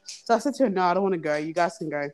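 A woman's voice: lowish voice, rapid-fire. A young woman telling a long story in casual podcast chat, acting out the other people's lines. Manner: animated, acts out quoted voices. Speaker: podcast guest. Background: children in the background.

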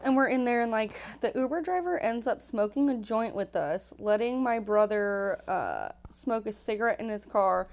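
A woman's voice: fairly high pitch, lively intonation, normal speed, gravelly, hardly any pauses, lo-fi sound. A young adult woman co-hosting a podcast, telling crude party stories in casual chat with plenty of swearing. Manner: crude, bawdy storytelling, lots of swearing. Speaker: podcast co-host.

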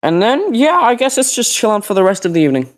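A teenage boy with a fairly high voice rambles through a story in casual podcast chat. He acts out the people he quotes as he goes. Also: sing-song, fast. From Northern Ireland. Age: teens. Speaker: podcast co-host.

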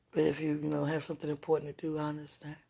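With a mid-range voice, vocal fry, and a dark tone, someone chats one-sidedly and affectionately to a loved one at home in the kitchen. They laugh often and tease playfully, and a distant mic gives a roomy sound with faint background noise.

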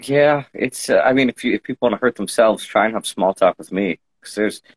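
A man with a fairly low voice hosts a casual livestream chat. He jokes and puts himself down. He sounds a little stuffed up from hay fever. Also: a little fast, a crowd in the background, rough recording. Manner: joking, self-deprecating. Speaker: host. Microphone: Instagram Live stream.

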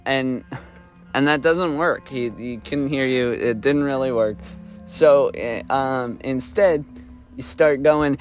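A man's voice: medium pitch, unhurried, faint music behind. A young man improvising a second-person story, rambling with restarts and the odd swear word.

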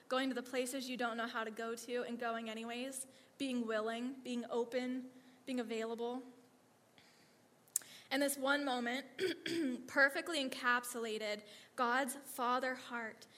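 Woman, mid-high voice, lively testimony storyteller, echo of a big hall. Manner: animated, acts out quotes, frequent "like" and "okay". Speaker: speaker sharing a faith testimony.

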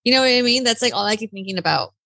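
A woman in her thirties co-hosting a podcast, teasing and animated in casual chat, mixing in Spanish phrases. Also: on the high side, very fast, vocal fry, dry recording. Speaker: podcast co-host.

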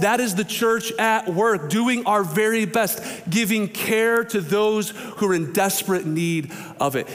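A man's voice: high voice, fairly bright tone, in a large hall. A male pastor preaching a casual, conversational sermon, telling stories and acting out quoted voices. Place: church sanctuary.

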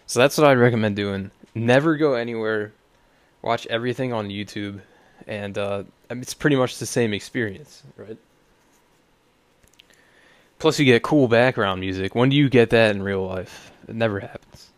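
A man's voice: on the low side, moderate pace, no echo. A young man hosting a podcast, talking in a rambling, profane, sardonic way. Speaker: podcast host. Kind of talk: casual solo podcast rant.

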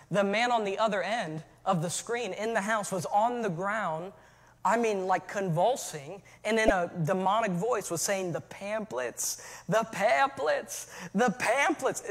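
A man preaching a sermon as pastor, moving from relaxed storytelling to shouted calls to his church. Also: high-pitched, big-room sound.

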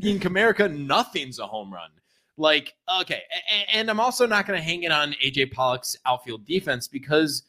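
Excitable dude on a sports podcast, voice jumps all over, kinda high, swears a lot. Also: male voice. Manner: excitable, argumentative, swears freely. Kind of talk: casual sports chat.

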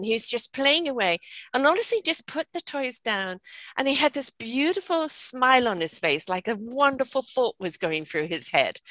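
An older woman and grandmother talking casually on a video call, animated and acting out the tones she uses with children. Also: on the high side, dry recording. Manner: animated, acts out scolding tones. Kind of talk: casual chat.

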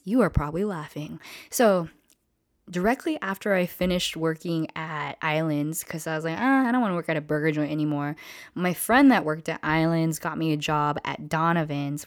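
A woman's voice: on the low side, no echo, studio quality. A woman telling a casual story, slangy and freely profane, who acts out the people she quotes.

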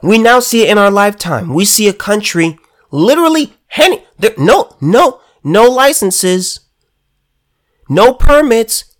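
A political commentator delivers a heated, sarcastic monologue with a lively, swinging pitch. The voice is emphatic and keeps tripping over itself, repeating words before pushing the point home. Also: a little slow. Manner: emphatic and sarcastic, with frequent stammered restarts.

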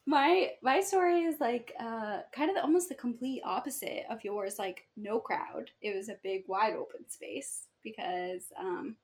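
A young woman with a slightly high voice joins in the casual chat. She responds warmly and asks her co-host questions. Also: unhurried, hardly any pauses. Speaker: podcast co-host.

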